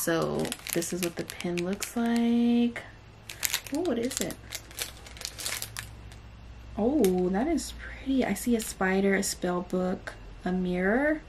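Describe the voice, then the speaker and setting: A woman chats through an unboxing video. She is excitable and gushing, and she scatters fillers through her talk. Her voice has a gravelly, fry-laden texture, with a faint hiss of noise underneath. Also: on the low side. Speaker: booktube host. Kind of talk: casual unboxing vlog.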